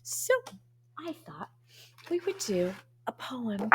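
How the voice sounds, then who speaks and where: Animated woman music teacher. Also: slow pace, breathy edge. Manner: animated, swooping between high and low voices. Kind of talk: online music lesson for young children.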